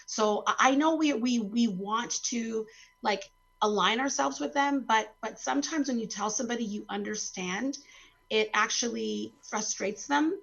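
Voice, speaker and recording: A woman guest on a panel discussion over a video call, speaking gently and hesitantly with many fillers. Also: fairly high pitch, moderate pace, gravelly, muffled recording.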